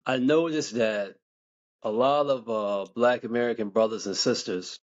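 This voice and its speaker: A man being interviewed as an author, talking in a measured, reflective way with many "you know" asides. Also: mid-range voice, dull audio. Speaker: guest author.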